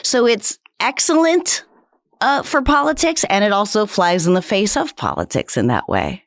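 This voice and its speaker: Lively woman with crisp, precise diction. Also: mid-range voice, normal speed, no echo, clean studio sound. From New Hampshire, US. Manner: crisp, overly precise diction, animated and laughing. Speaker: guest comedian. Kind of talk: casual interview chat.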